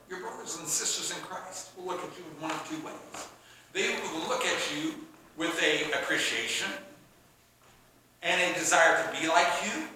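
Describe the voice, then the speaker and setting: A man preaching a sermon as pastor, animated, often acting out quoted voices. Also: fairly high pitch, heavy reverb, rough recording.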